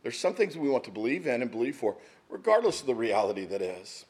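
A man's voice: medium pitch, sing-song, quick pace, darkish tone, breathy edge. A middle-aged man, preaching a sermon as a pastor in a conversational storytelling way. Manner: conversational storytelling, asks the room "right?".

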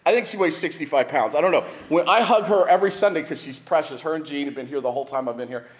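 A man's voice: a little high, fast talker. A middle-aged man, a pastor, preaching a sermon in a church in a conversational way, with restarts and asides to the congregation. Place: church sanctuary.

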